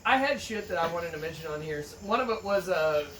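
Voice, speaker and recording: A man co-hosting a podcast, telling a story in a profane, jokey, casual way. His pitch swings widely as he acts out the quotes. The mic is a little distant, with faint noise behind. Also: animated, brisk, fairly bright tone. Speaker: podcast co-host. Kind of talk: casual chat.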